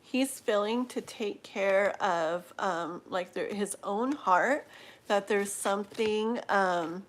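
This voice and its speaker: Slow, halting woman reading tarot. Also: mid-range voice. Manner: slow, halting, with many fillers and restarts. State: emotional, laughing through tears. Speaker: tarot reader. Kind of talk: live-stream tarot reading.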